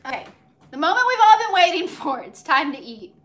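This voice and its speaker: A woman's voice: very high voice, very animated, fairly quick, fairly bright tone. A young woman chatting casually to viewers while cooking live in her home kitchen, recorded on a phone on a tripod. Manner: bubbly, chatty, talks to viewers and her dog. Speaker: cooking livestream host.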